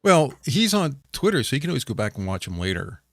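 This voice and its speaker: A man's voice: mid-range voice, sing-song, fast, dry recording, studio quality. A man co-hosting a casual online talk show, telling rambling stories with many restarts. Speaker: podcast co-host. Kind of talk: casual chat.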